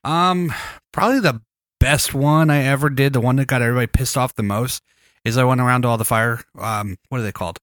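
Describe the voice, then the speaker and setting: A man's voice: mid-range voice, brisk, no room sound, clean studio sound. A man co-hosting a podcast in casual chat, joking and swearing as he tells stories. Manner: profane, joking, animated storytelling. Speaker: podcast co-host.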